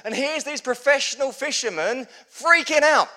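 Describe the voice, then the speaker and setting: A man preaching a sermon as pastor, telling stories with humor, swinging from loud bursts to hushed lows. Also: lively intonation, normal speed.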